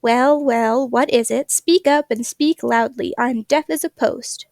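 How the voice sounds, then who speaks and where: A woman's voice: on the high side, unhurried, a little mellow, no room sound, clean studio sound. A woman doing a scratchy, cross old owl. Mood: grumpy. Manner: gruff and impatient. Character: old deaf cross male owl, sleepy and curt.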